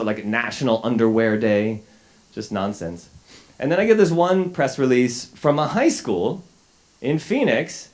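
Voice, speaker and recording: A man's voice: mid-range voice, darkish tone. A man in his forties, a journalist, telling a wry, self-deprecating story to a live audience, a little sick, with plenty of fillers and restarts. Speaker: journalist giving a talk. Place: lecture hall with a live audience.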